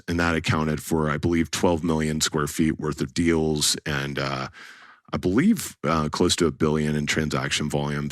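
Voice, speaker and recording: A man with a very low, deep voice talks bluntly and casually, coaching other salespeople. He is recorded close to the mic in a dry room with no echo. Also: a bit bright. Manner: blunt, casual, laughs at own stories. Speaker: commercial real estate broker. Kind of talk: instructional talk to camera.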